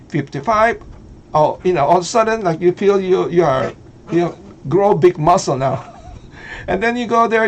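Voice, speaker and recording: A middle-aged man with a Filipino accent talks in a loose, halting way, filling pauses with "uh" and "you know" and breaking into easy laughs. His voice sits a little high for a man. A faint hum of room noise runs behind him. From Philippines. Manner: hesitant, many fillers, laughs easily. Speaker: vlogger. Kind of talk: casual commentary.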